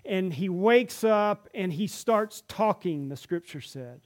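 A man with a notably high-pitched voice delivers a storytelling sermon in a church. He is animated, dropping into the voices of the people in the stories he tells. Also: slow pace. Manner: animated, acts out the characters' lines in the stories. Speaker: preacher.

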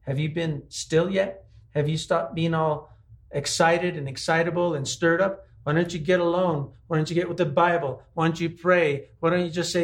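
Gravelly-voiced man preaching a sermon. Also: a little high, steady tone, normal speed. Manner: conversational preaching with rhetorical questions. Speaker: pastor.

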